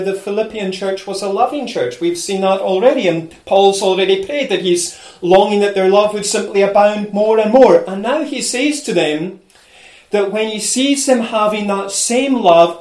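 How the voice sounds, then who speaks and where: A man's voice: high voice, a little mellow, roomy sound. A man preaching a sermon, stressing his points through repeated parallel phrases and speaking frankly to his listeners. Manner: repetitive, emphatic preaching in building lists.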